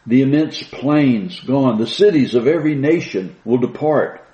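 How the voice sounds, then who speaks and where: A man preaching a sermon, slowing down and lifting his voice to stress the scripture he reads. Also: medium pitch, lively intonation, mellow, echoey room, dull audio. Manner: slow, emphatic reading of scripture with rising stress.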